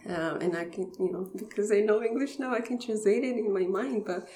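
A woman in her thirties from Bulgaria with a Bulgarian accent, a podcast guest telling her story in a chatty way, full of fillers and soft laughs. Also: mid-range voice, fairly quick, slight background noise. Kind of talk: casual personal storytelling. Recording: roomy echo.

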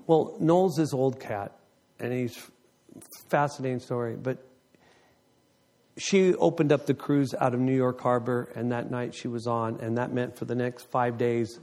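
A man's voice: medium pitch, fairly even intonation, measured pace, a little mellow. Guy rambling through a funny story to a crowd, jokey, keeps doing voices. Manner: rambling, joking, slips into voices. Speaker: speaker telling a story to a group. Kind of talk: casual storytelling.

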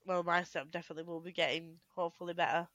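The voice is lowish and fairly flat in pitch, a bit bright, with no echo and lo-fi sound. It belongs to a giggly young woman co-hosting a casual podcast chat through a headset mic, speaking in quick bursts and often starting sentences over.

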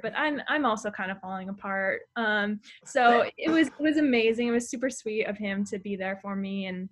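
A woman's voice: medium pitch, moderate pace, few pauses, slight background noise. A young adult woman chatting casually as a guest on a podcast, who laughs often. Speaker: guest runner.

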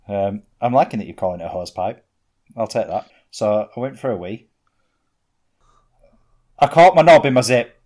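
A man talks in a low, easygoing voice. He co-hosts a casual chat podcast and tells stories in a dry, unhurried way. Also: a little mellow. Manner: laid-back storytelling, dry humour. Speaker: podcast co-host. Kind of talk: casual banter.

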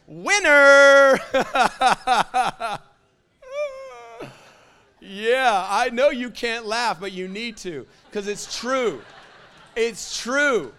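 High-voiced impassioned preacher. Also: male voice, animated, slow pace. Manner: impassioned, builds to loud prophetic declarations with fillers like "like". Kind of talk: sermon.

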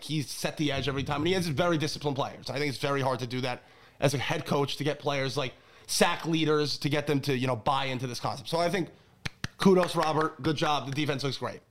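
Man, fired-up sports rant, higher-pitched, shouting outbursts. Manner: gets worked up and shouts in rants. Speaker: podcast co-host. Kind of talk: casual sports chat.

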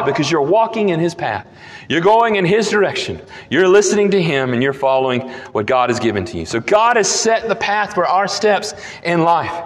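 A man preaching a sermon as pastor, emphatic and repeating key phrases, dropping low and slow when he reads scripture. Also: big-room sound.

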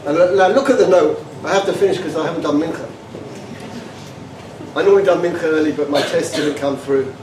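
Man with a high voice, animated and stammering speaker telling funny stories to students, recorded from afar in a reverberant room with noise behind. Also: a little fast. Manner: animated, stammering repetitions, laughs often. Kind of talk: informal talk with humorous anecdotes. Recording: echoey room, distant mic, background noise.

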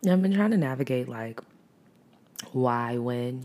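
A woman's voice: very deep voice, expressive, unhurried, mellow. A woman hosting her own podcast, talking in a rambling, reflective, casual way with chatty asides. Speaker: podcast host. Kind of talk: casual solo podcast monologue.

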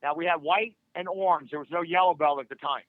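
With a notably high voice and a fast pace, an older man who teaches martial arts tells a lively, casual story as a podcast guest, taking on the voices of the people he quotes. The sound is a tinny phone-like line, dry, with no echo or room sound.

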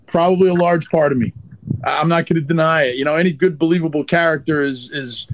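Blunt, profane high-voiced man. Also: quick pace, slight background noise. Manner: blunt, profane, animated storytelling. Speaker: wrestling manager guest. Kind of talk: candid storytelling interview.

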